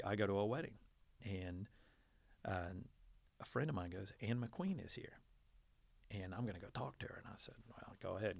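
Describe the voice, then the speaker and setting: A teacher in his forties tells a long, folksy story during a casual interview, self-deprecating and acting out the quotes. His voice sits low with vocal fry, and there's no echo.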